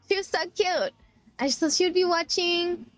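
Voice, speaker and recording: A woman from Texas, streaming and telling an animated, swear-filled travel story with laughs. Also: very high voice. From Texas, USA. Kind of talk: casual storytelling chat.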